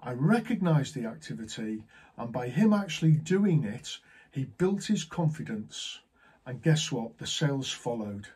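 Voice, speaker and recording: Male sales trainer, mid-range pitch, slightly raspy, lively storyteller who voices each character. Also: a little slow. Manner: animated, acts out both sides of the dialogue. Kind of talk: storytelling to camera.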